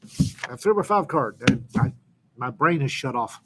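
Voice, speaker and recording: A man co-hosting a casual live chat, making announcements with lots of pauses and ums, and joking about himself. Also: mid-range voice, animated, very noisy. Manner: halting, many ums, self-deprecating. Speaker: co-host, anthology editor.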